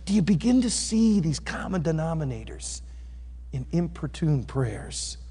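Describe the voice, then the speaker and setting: A man preaching a sermon, quoting scripture and moving from loud cries to quiet, intense asides. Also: measured pace, breathy edge. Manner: animated preaching, rising to loud cries and dropping low. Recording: echoey hall with long reverb.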